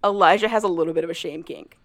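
A woman's voice: on the low side, fast, no echo, studio quality. A woman chatting casually on a podcast, retelling a story with lots of "like" and frequent laughter. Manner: animated, laughs often, full of "like".

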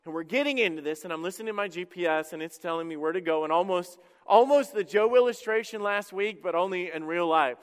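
A middle-aged man preaching a sermon in church, telling a personal story with self-deprecating humor and quick restarts. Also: high-pitched, clear, resonant tone. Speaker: pastor. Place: church sanctuary. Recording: echoey church hall.

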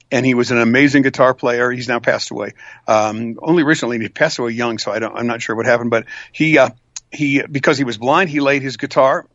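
Guy voice actor rambling thru stories, mid pitch, dry muffled audio. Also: fairly bright tone, dry recording. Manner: rambling anecdotes with restarts and demonstrations. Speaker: voice actor guest. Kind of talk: conversational interview talk.

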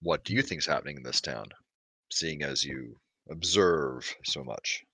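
A man playing a gruff barbarian witch hunter in a tabletop game, talking low and slow with probing questions. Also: pushed and bright, no echo, full character voice. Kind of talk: tabletop game role-play.

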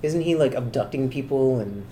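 Deep-voiced Canadian woman hosting a chat. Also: animated, moderate pace, a crowd in the background. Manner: playful, teasing. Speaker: podcast host. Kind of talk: casual chat.

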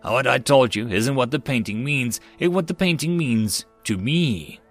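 Brief: wry, exasperated woman envoy, read by a man, mid-pitched, faint music underneath. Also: animated, measured pace.

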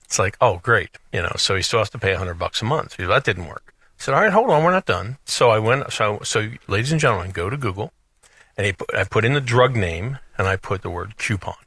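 A man's voice: lowish voice, a little fast, bright, forceful tone, slightly rough, dry recording. A middle-aged man hosting a radio talk show, telling rambling stories with many restarts. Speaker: radio show host, financial advisor. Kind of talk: casual radio chat.

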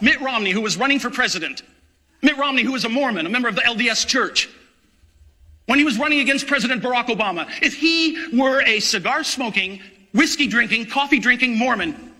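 A man's voice: very high voice, pushed and bright. A man, a parish priest, preaching an impassioned, indignant sermon in a church.

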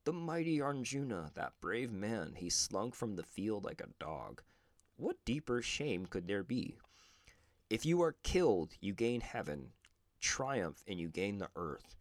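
Brief: man reading a god's exhortation to a warrior, low and grave, measured scripture delivery. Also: big pitch swings, dry recording, clean studio sound. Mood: solemn. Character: divine male charioteer-teacher exhorting a warrior, stern.

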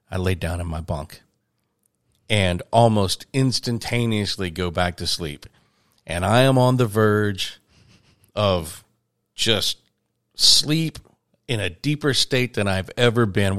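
A man's voice: lowish voice, takes it slowly, no echo, studio quality. Man spinning a rambling road story. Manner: rambling, animated anecdote with acted quotes. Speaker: touring musician guest. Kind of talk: storytelling in casual chat.

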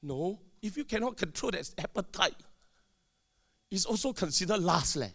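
Male pastor; high and highly animated, preaching with loud emphatic bursts. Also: normal speed, gravelly. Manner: emphatic preaching with sudden shouted bursts and call-and-response. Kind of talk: sermon.

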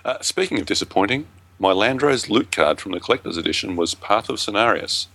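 A man's voice: fairly low pitch, lively intonation, brisk, creaky, sharp tone. A man co-hosting a casual gaming podcast, talking with dry, self-mocking humor. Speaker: podcast co-host. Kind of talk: casual chat.

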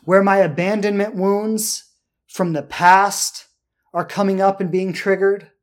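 Calm, reflective man talking to himself aloud. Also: high-pitched, a little slow. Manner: calm, thinking aloud, often ends with "right?". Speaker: podcast host. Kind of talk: reflective solo podcast talk.

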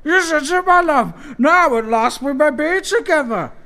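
A man's voice: very high-pitched, lively intonation, unhurried, bright, forceful tone, pitched above the performer's own voice, full character voice. A man voicing a theatrical woman at a bar, purring and shrieking in melodrama, with music behind. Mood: shrill. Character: shrill theatrical female bar regular.

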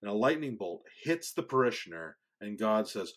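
Low-voiced man chatting on a podcast. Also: big pitch swings, moderate pace. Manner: laughs often, quiet asides. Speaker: podcast co-host. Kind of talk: casual chat, joke telling.

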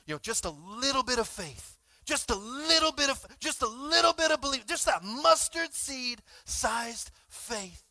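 A male pastor preaching a sermon informally, swinging between shouted exhortations and quiet asides, often asking the congregation to respond. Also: very high voice, very animated, unhurried, few pauses, no room sound. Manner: informal, frequent "like" and call-and-response.

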